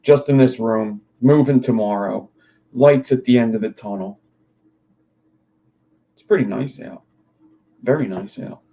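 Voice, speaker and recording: A man's voice: medium pitch, a little slow, long pauses, mellow, highs cut off. Rambling young man on a livestream. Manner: rambling, swears freely, talks to chat. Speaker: livestream host. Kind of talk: casual livestream chat.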